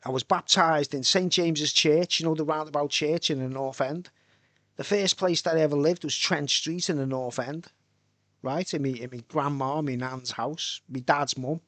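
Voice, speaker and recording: A man's voice: a little high, normal speed, fairly bright tone, no echo. A man from Birkenhead with a Merseyside accent, chatting casually on a live stream and tagging "right?" onto his sentences. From Birkenhead, England. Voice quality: chatty, repeats "right?" often. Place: home, tent with soundproof tiles.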